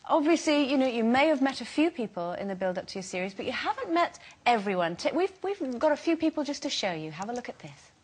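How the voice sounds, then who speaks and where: A woman's voice: high-pitched, very animated, fast talker, few pauses, a little mellow, slight background noise. A woman co-hosting a TV chat show, asking probing questions with hesitant restarts. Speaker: co-host. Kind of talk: TV studio chat.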